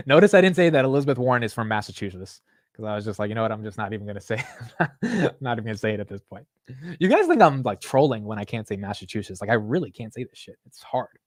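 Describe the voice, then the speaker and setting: A man's voice: lowish voice, no echo. Chatty young man, dry close mic. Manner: chatty, swears, laughs at himself, reads chat aloud. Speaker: stock market livestream host. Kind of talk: casual livestream commentary.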